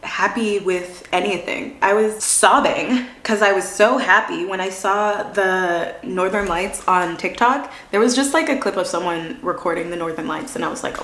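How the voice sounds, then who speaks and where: A woman's voice: medium pitch, moderate pace, few pauses, a bit bright. Earnest chatty woman, roomy sound. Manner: chatty, earnest, emotional, laughs easily, says "like" a lot. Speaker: manifestation coach. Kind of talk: casual personal vlog talk. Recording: roomy echo.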